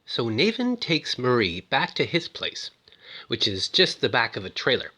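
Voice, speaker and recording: A man casually recaps a film's story with toys. He talks in a chatty way, full of fillers, and belts out the characters' lines as he goes. His voice is bright and very lively, with big swings in pitch. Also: measured pace, husky. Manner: chatty, many "uh" fillers, shouts out quoted lines. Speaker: toy reviewer retelling a film.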